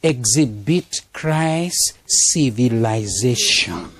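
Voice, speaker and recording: A man preaches to his congregation with a lively, swinging voice. He laughs often, drops low for asides, and draws replies from the room. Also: drawn-out words, over loud music. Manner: animated preaching with laughter and call-and-response. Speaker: pastor. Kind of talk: sermon. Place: church congregation.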